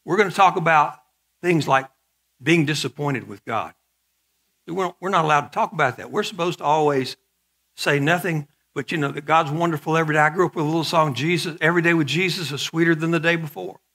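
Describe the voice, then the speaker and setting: A man's voice: a little high, brisk, pushed and bright. A middle-aged male pastor preaching a sermon in a conversational way, with joking asides and frequent repeated words.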